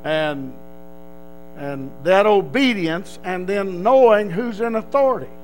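A man's voice: sits high, takes it slowly, faint music behind, poor audio. A man from Texas with a Texan accent, telling a personal story in a rambling way with frequent restarts. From Texas, USA.

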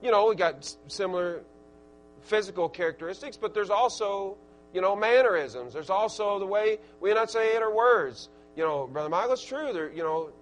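A man preaching a sermon in a Southern Arkansas drawl, his voice pitched high for a man. He drops to quiet asides, then climbs to loud, emphatic peaks, often repeating a word as he restarts. A faint electrical hum sits under the recording.

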